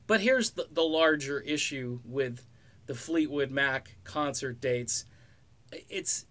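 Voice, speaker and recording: A middle-aged man with a fairly high voice talks through music news in a loose, rambling way. He is sarcastic and keeps making joking asides. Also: a bit bright. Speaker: music commentary vlogger. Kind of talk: casual spoken commentary.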